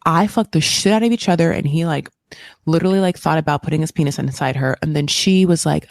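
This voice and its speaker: A woman with a somewhat low, gravelly voice with vocal fry, recorded dry and close. She is co-hosting a casual podcast and tells stories in a crude, comedic way. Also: fast talker, no echo. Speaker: podcast co-host. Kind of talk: casual pop culture recap.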